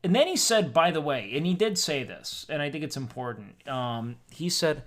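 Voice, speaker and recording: A man's voice: on the high side, lively intonation, normal speed, hardly any pauses. A young man streamer chatting casually on his live stream, rambling and swearing freely as he tells a story.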